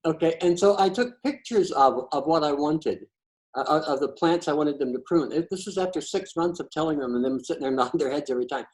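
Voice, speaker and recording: Blunt, profane man with a higher voice. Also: a little fast, a little mellow, low-quality recording. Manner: blunt and profane, with frequent stammered restarts. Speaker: patio chat host. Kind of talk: casual conversational storytelling.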